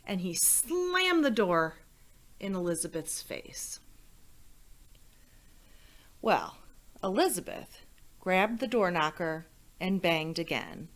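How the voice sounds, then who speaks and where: Slow, expressive woman reading a children's story. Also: on the low side. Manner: gentle, expressive, addressing children.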